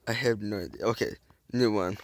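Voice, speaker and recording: A man's voice: fairly low pitch, fairly quick, no echo, clean studio sound. A man giving casual, goofy, rambling commentary while playing a game, joking about himself and making silly sound effects. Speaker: gameplay video host. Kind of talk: casual let's-play commentary.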